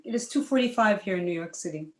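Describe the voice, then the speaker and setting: A woman from Dominica, a singer, chatting as a guest on a video call in a lively, quick way and laughing easily. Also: medium pitch, echoey room, rough recording. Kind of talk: casual video call chat.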